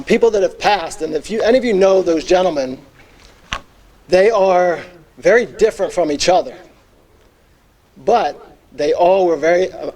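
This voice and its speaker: This hall of fame inductee, a middle-aged man who was formerly a teacher and football coach, speaks with a fairly high pitch and a darkish tone. His acceptance speech is earnest and reminiscent, packed with fillers.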